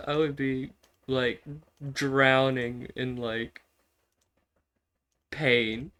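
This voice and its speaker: A man's voice: mid-range voice, slow, a bit bright. A man giving casual, swearing commentary while playing a strategy game, repeating himself and laughing often. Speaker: gaming streamer.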